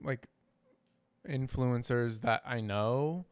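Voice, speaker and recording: A man with a smooth, clear voice chats casually on a podcast. The sound is close and dry. He talks in a laid-back way, with hesitant pauses and fillers. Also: mid-range voice, no room sound. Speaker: podcast co-host. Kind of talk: casual chat.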